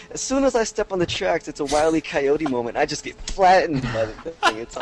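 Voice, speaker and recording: Young male podcast co-host with a slightly high voice, animated and jokey. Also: fast, few pauses, rough recording. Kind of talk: casual chat, reading listener stories.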